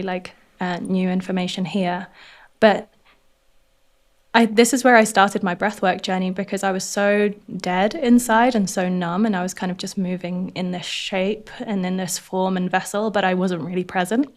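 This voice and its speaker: A woman with a posh southern English accent, a podcast guest talking in an earnest, animated way. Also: medium pitch. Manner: earnest, animated, laughs often. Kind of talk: reflective interview conversation.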